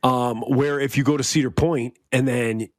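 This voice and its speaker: Male podcast co-host, middle pitch, dry deadpan riffer. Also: moderate pace, no echo. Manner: riffing, deadpan jokes. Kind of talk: casual chat.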